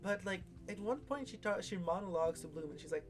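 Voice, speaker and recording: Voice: mid-range voice, lively intonation, fast, music in the background. A host casually recapping and critiquing a series, talking in a rambling way with lots of fillers and strong opinions. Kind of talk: casual video discussion.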